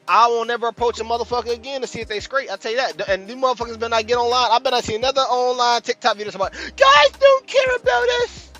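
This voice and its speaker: A man hosting a casual podcast chat, telling a profane, animated story with loud outbursts. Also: extremely high pitch. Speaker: podcast host.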